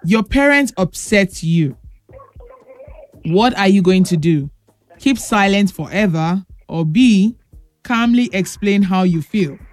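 A woman's voice: medium pitch, animated, slow pace, a little mellow, faint music behind. A woman hosting a children's radio call-in show, playful and teasing, laughing often and calling the callers pet names. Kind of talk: lively radio call-in chat.

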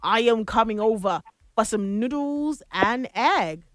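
A woman radio host talking with callers in a slow, unhurried way, her pitch leaping and dipping with every line. Her voice sits a little high and sounds close and dry in the studio, and she laughs easily as she teases callers. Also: expressive, dry recording. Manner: playful, laughs often, drawn-out words. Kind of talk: morning radio call-in chat.

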